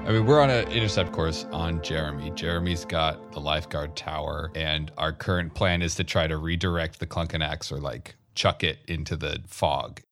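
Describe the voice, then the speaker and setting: Deep-voiced joking man player. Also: moderate pace, hardly any pauses, a bit bright, faint music behind. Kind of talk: casual tabletop play.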